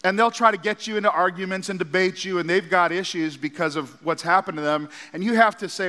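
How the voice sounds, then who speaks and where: Bright-voiced pastor preaching in a hall. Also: male voice, high-pitched, fairly quick. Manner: storytelling, animated asides. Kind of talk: sermon. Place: church auditorium. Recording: long hall reverb.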